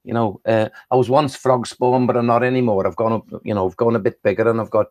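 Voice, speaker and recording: A cheeky little tadpole boy with a Liverpool accent rattles on about life in his pond, as a man puts him on. The voice has a gravelly edge and a chatty, boastful swing. It sounds like a storybook creature brought to life by a poet. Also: mid-range voice, flat delivery, fast, darkish tone, close to an everyday voice.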